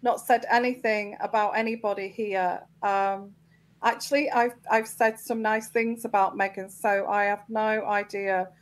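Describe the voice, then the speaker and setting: Over a rough recording, a woman hosting a live tarot show addresses her viewers at medium pitch, with flat delivery and a slightly slow pace. She stumbles through ums and restarts and reacts indignantly to trolls.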